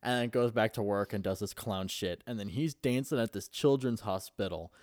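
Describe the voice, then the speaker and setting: A man's voice: fairly low pitch, normal speed, darkish tone, no room sound, clean studio sound. A young man casually recapping a movie in a rambling, profane way, full of fillers.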